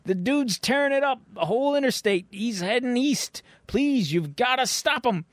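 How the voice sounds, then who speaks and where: A man's voice: very high voice, lively intonation, moderate pace, no room sound, voice pushed up. A man voicing a panicked male trucker calling for help over the radio, frantic and breathless.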